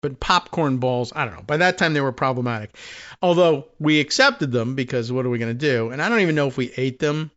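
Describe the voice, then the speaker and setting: A man's voice: medium pitch, expressive, a little fast, a bit bright, highs cut off. A man hosting a podcast, telling a rambling, wry story in a casual monologue with many restarts. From New Jersey. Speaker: podcast host.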